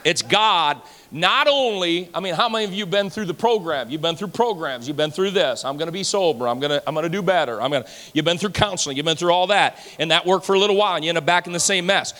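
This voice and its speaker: Male pastor, fifties, sermon; conversational storyteller, bright tone, reverb of a large hall. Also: high voice, lively intonation, quick pace, few pauses. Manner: conversational storytelling preacher, acts out dialogue, repeats words.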